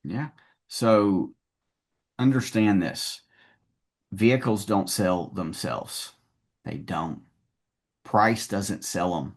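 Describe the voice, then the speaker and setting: A man's voice: deep voice, very slow, long pauses. A man coaching a salesperson one-on-one, talking in a confident, direct way.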